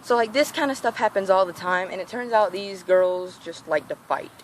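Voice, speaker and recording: With a medium-pitched voice at a normal pace and a little background noise, a teenage girl shares a storytime rant in her casual vlog. She animatedly voices the people she quotes.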